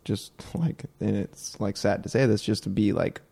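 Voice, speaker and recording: A man's voice: fairly low pitch, moderate pace, gravelly, mellow, slightly rough. A man hosting a podcast, talking casually and rambling, with lots of fillers and quoted asides. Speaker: podcast host. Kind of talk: casual conversation.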